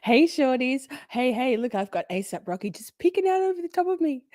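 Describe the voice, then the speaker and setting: A woman's voice: sits high, sing-song, a little fast, darkish tone, no room sound, soft background music. Aussie lady on a live stream, bubbly and sweary, voice jumps all over, dry close sound. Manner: bubbly, sweary, greets chatters by name. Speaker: livestream host. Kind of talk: casual live-stream chat.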